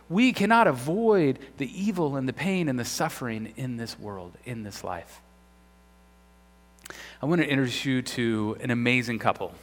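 A man preaching a sermon as pastor, earnest, his voice swinging between loud and hushed. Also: medium pitch, animated, moderate pace. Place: church hall. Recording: long reverb of a church hall.

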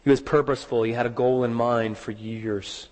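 A man preaching a sermon, telling a story with rising dramatic emphasis and slowing down on key words. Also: medium pitch, steady tone, a little mellow, big-room sound. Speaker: pastor.

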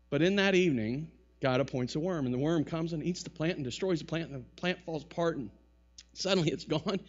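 A man preaching a conversational sermon, with wry asides and lively retellings of the text. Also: a little high, dull audio. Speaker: pastor.

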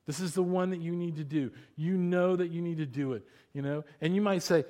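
A man preaching a sermon in a conversational way, sometimes dropping to a hushed voice when retelling stories. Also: a little high, brisk, few pauses. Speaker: pastor.

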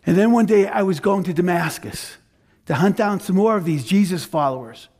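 A preacher voicing an earnest, high-voiced apostle. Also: male voice, normal speed, a little mellow. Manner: earnest first-person retelling, emphatic repetition. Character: apostle Paul, grown man, fervent former persecutor.

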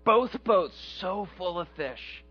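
A man preaching a sermon, retelling a Bible story in an animated, dramatic way, on a dull lo-fi recording. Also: high voice, slow pace, husky.

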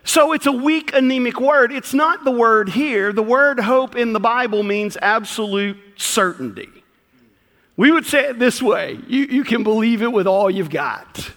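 Folksy Southern preacher, bright and high. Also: male voice, lively intonation, measured pace, long reverb tail. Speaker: pastor. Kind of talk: sermon. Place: church sanctuary.

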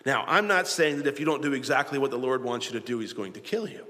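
A man's voice: medium pitch, fast, bright, forceful tone, long reverb tail. A man preaching a sermon as pastor, asking the congregation rhetorical questions.

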